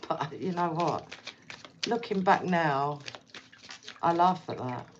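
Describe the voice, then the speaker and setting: A woman's voice: deep voice, lively intonation, takes it slowly, highs cut off, a little hiss or hum. A woman giving a casual tarot reading, speaking bluntly and repeating herself as she addresses the viewer directly. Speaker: tarot reader.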